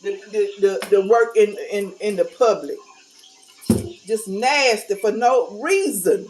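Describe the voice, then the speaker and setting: A woman's voice: mid-range voice, normal speed, soft background music, low-quality recording. A middle-aged woman talking casually to camera, candid and blunt, with a folksy, preachy manner. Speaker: vlogger.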